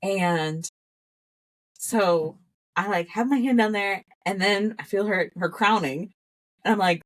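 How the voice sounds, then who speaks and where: A medium-pitched woman takes her time, pausing often, as she tells a story on a podcast where she's a guest. The chat is casual; she's animated, laughs frequently, and acts out what she said in the past.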